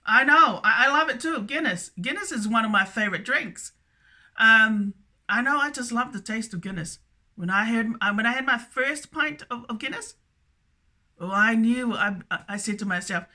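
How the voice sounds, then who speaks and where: Her pitch runs on the high side, bright and pushed, with lively intonation at a normal speed. This video blogger rambles solo, stuttering and repeating herself, habitually appending "that's correct."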